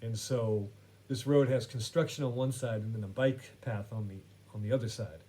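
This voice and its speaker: A man's voice: medium pitch, fairly even intonation, moderate pace, dark tone. A man hosting a podcast who tells a story in a wry, rambling, self-correcting way. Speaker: podcast host. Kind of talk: casual storytelling monologue.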